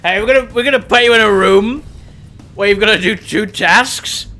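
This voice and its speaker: A man streaming a video game, exasperated, swearing and yelling at enemies. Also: high voice, normal speed. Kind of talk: gaming commentary.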